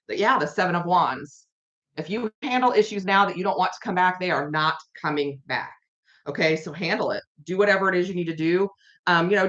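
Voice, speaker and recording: Hosting a laid-back tarot live stream from her home, a woman speaks in a lowish voice with a fairly bright tone. She's talkative and wandering, repeating herself while engaging her chat. Expect dull, lo-fi audio.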